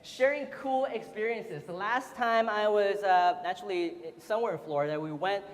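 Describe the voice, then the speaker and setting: A man's voice: sits high, normal speed. Chatty man presenting in a hall. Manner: chatty, laughing often, frequent fillers. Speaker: seminar speaker. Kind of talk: casual seminar presentation. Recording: roomy hall reverb.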